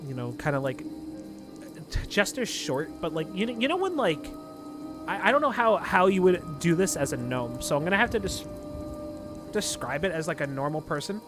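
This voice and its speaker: A man's voice: fairly high pitch, animated, moderate pace, music in the background. A man narrating a tabletop game as dungeon master, rambling with many fillers. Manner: rambling, filler-heavy, casual.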